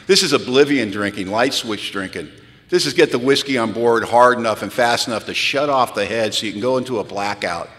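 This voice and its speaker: A man from California telling his recovery story at a retreat, candid and wry, sinking low and quiet, then rising to pleading intensity. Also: a little fast. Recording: long hall reverb.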